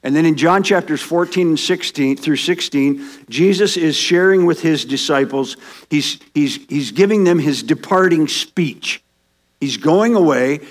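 A man teaching a Bible class, walking listeners through verses and repeating key points as he explains. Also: on the high side.

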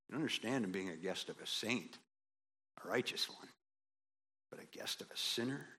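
A man preaching a sermon, animated and folksy, acting out quoted voices and building to emphatic peaks. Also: fairly low pitch, moderate pace. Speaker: pastor.

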